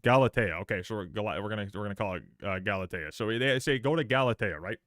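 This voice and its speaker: Guy live-streaming, reacting to stuff, lowish voice, dry close sound, keeps tripping over his words and swearing. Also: fast talker, fairly bright tone, dry recording. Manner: repeats words and restarts sentences; sarcastic and profane.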